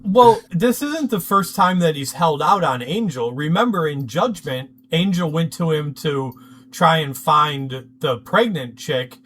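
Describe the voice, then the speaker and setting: Casting note: male podcast co-host, bright and sharp tone, casual scene retelling, faint noise behind. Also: a little high, lively intonation, measured pace. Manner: laughs easily, retells scenes with quotes. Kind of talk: casual recap chat.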